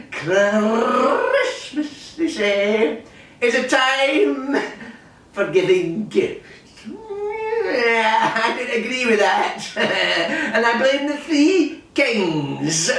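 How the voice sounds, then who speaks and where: A man's voice: very high voice, sing-song, extremely slow, creaky, a bit bright. A Scottish man hosting a music hall show with grumbling, miserly comic patter, chuckling often. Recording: echoey hall from far off.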